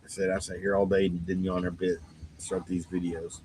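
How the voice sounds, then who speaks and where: A man's voice: low voice, little pitch movement, moderate pace, darkish tone, slight background noise, rough recording. A man who runs a game store, giving a rambling, casual shop update full of fillers and restarts and sounding a bit tired. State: yawning, tired.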